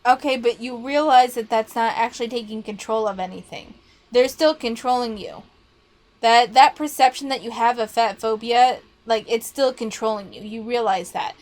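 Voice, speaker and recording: A woman with a fairly high, bright-sitting voice, worn slightly hoarse, talks straight at her listeners. She argues bluntly and swears without hesitation, pushing back on what she has just heard. Her tone is casual reaction commentary, not a polished script. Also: normal speed. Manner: blunt, argumentative, swears freely. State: voice starting to go hoarse.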